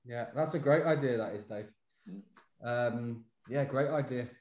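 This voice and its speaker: A man's voice: medium pitch, measured pace, a little mellow. A man hosting a casual chat, hesitant and often repeating his words as he goes. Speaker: podcast host. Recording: roomy echo.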